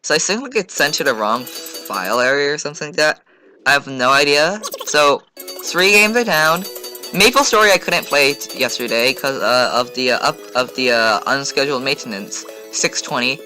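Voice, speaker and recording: Bright-voiced man rambling over gameplay. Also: mid-range voice, animated, normal speed, faint music behind. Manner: rambling, filler-heavy, chatty. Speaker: gaming channel host. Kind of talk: casual gameplay commentary.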